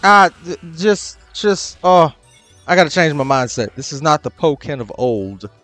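A young adult man commenting on his own ranked matches, swearing often and breaking into loud, exasperated outbursts. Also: a little high, big pitch swings, unhurried, soft background music. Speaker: gaming channel host.

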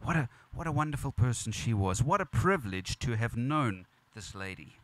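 With lively intonation and a mid-range voice at normal speed, a pastor preaches at a funeral in a church or funeral venue, recorded without echo. He speaks earnestly, repeating himself to build emphasis.

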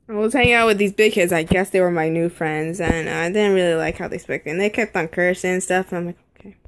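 A young woman telling a casual story, rambling with lots of fillers and swearing. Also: mid-range voice.

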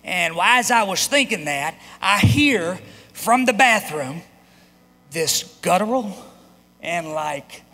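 A man's voice: high voice, expressive, takes it slowly, bright, forceful tone. A man in his thirties, a pastor telling a personal story in a sermon, conversational with frequent restarts. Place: church sanctuary. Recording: long reverb of a large hall.

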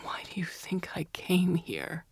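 A woman's voice: on the low side, fairly even intonation, slow pace, a little mellow, slightly rough, dry recording, clean studio sound, exaggerated voice. A woman voicing a terrified male prisoner who stammers and sobs through his answers. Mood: resigned. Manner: stammering, hysterical. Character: male war criminal prisoner, terrified, sobbing.

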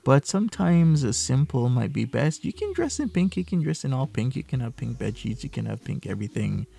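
A man's voice: mid-range voice, very animated, fairly quick, vocal fry, warm tone. A man hosting a reaction commentary video, mocking and full of rhetorical questions. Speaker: commentary YouTuber.

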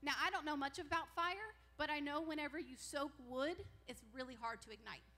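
Preaching in a church sanctuary, a woman pastor brings a Bible story to life, voicing each character's lines with animation. Her voice is high-pitched and a little fast.

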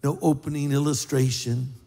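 A man preaching a sermon as pastor, in a conversational, joking way with big swings in pitch. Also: level tone, normal speed, creaky, mellow. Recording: live sermon with long hall reverb.

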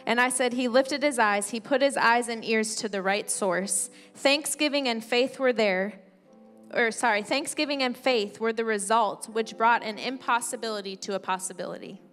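A woman's voice: fairly high pitch, moderate pace. A woman pastor preaching a sermon, reading scripture aloud and explaining it conversationally. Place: church sanctuary. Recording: church hall reverb with soft music.

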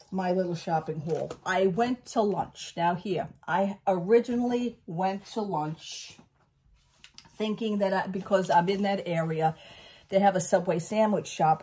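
A woman talking at home in a casual haul vlog, a rambling storyteller who keeps saying "I says" and turns loud and indignant over a grievance. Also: fairly low pitch, slightly rough. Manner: gets loud and indignant when telling a grievance. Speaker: vlogger.

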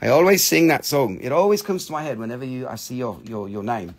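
A man selling crystals on a live stream, rattling off prices and teasing viewers in a playful, joking way that jumps from loud to mumbled. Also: mid-range voice, fast. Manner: playful, joking, swings between loud teasing and quiet muttering. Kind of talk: live sales stream patter.

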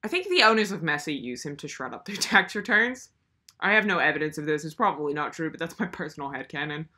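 A woman's voice: low voice, animated, quick pace, bright, forceful tone. A young woman hosting a comedic commentary video, ranting in a sarcastic, exasperated way. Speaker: video host.

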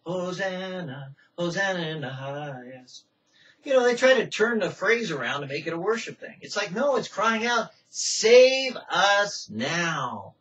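A man preaching a sermon with passion, swinging from loud cries to hushed pleading in a church. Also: on the high side. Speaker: pastor. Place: church sanctuary. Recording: distant, muffled church recording.

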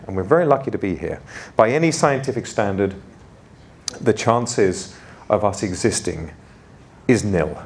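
A man from gives a conference opening keynote in an informal, self-deprecating way with frequent fillers. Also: lowish voice. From London. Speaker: conference host and keynote speaker.

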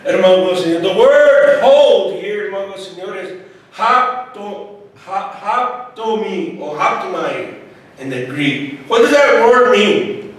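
A man's voice: high voice, expressive, slow pace. A man teaching a Bible passage in a loose sermon style, often slipping in words and calling his listeners brother and sir. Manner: mixes Spanish into English, repeats "hermano, Señor". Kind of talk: informal Bible study preaching. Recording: very echoey room, distant mic.

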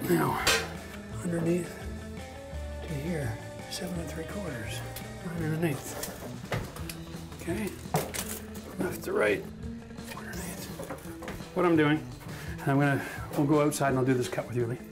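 A man's voice: fairly high pitch, unhurried, pauses often, loud music behind the voice. A man with a chatty, self-mocking manner who laughs often, teaching a casual DIY tiling tutorial on a bathroom job site. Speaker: renovation instructor.

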